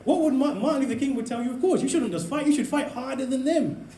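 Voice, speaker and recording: A man giving an impassioned talk to an audience, animated, full of rhetorical questions and laughing asides. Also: extremely high pitch, fast talker, a little hiss or hum. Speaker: speaker addressing an audience. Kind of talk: impassioned lecture to a live audience. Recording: echoey room, voice from a distance.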